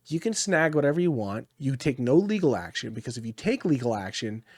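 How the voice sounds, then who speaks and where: A man's voice: mid-range voice, very animated, fairly quick, darkish tone, dry recording, studio quality. A tired man co-hosting a podcast in casual chat, rambling and swearing freely. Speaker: podcast co-host.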